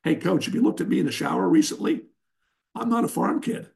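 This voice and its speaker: A man's voice: high voice, lively intonation, fairly quick, creaky, darkish tone. An older man, a wrestling coach and guest, giving blunt, emphatic instruction and telling sarcastic stories in an interview.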